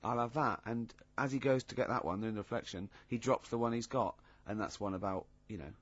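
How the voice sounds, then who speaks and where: A man hosting a radio talk show in a studio, halting and teasing, breaking into high laughter. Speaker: radio host. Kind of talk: casual radio banter. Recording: dull lo-fi radio recording, dry.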